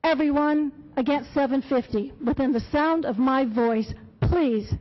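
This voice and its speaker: A woman's voice: high-pitched, a little slow. A woman speaking at a public comment podium, delivering a prepared, impassioned and emphatic speech with quotations. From Florida. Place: county commission meeting room. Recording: dull lo-fi public meeting audio.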